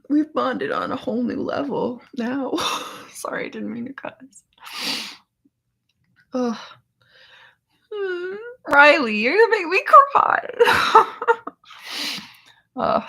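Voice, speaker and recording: Young woman, worn out and half-whispering, slow and gravelly in a casual live chat. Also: medium pitch. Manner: soft, half-whispered and emotional, laughing often. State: worn out after a seizure. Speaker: vlogger hosting a live chat.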